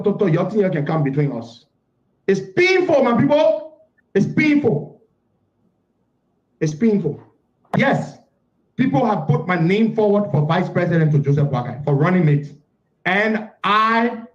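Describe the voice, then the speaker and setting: A man's voice: on the high side, darkish tone. A man, giving an impassioned public address full of repetition and rhetorical questions. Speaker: political figure. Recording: echoey, dull lo-fi clip.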